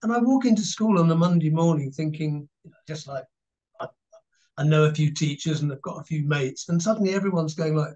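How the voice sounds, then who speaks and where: An English man in his sixties, a guest actor telling animated stories and laughing through an interview. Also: fairly high pitch, brisk. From England. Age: 60s. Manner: animated storyteller, laughing, mimicking others. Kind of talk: casual anecdotal interview. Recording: dull lo-fi recording.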